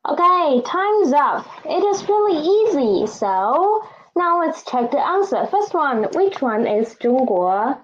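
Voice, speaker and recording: A woman's voice: high-pitched, big pitch swings, takes it slowly, dull audio. A woman teaching an online Chinese lesson, saying new words twice and asking learners to repeat after her.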